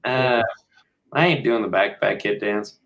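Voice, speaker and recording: American man, guest, very low voice, rambling, lots of ums and restarts, video call. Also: measured pace, fairly bright tone. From United States. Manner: rambling, with many fillers and restarts. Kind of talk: casual chat.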